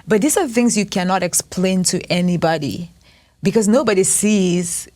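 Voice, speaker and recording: A woman in her thirties from Cameroon, sharing a personal story as an interview guest in an earnest, reflective, unhurried way. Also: medium pitch, a little mellow. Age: 30s. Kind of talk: personal testimony.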